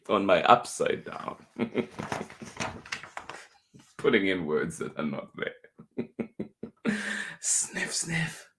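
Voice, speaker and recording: A man reading a picture book aloud for children, going over each passage twice in a gentle way and chuckling softly between lines. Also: deep voice, expressive, drawn-out words, pauses often. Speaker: children's storyteller.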